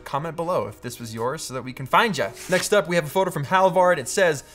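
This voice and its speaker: A man's voice: fairly high pitch, quick pace, a bit bright, faint music behind. Upbeat joking Canadian man. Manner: upbeat, joking, goes off on tangents. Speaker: photo-editing YouTuber. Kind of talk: casual vlog talk.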